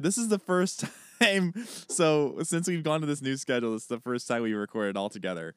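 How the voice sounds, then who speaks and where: A man hosting a podcast in casual chat, upbeat and quick to laugh. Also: mid-range voice, a bit bright, smooth, no room sound, studio quality. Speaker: podcast host.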